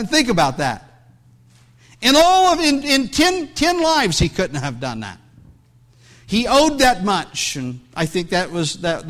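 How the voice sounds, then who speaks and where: A man's voice: high voice, a bit bright. A man preaching a sermon as pastor, reading scripture aloud and breaking into conversational asides, with many restarts.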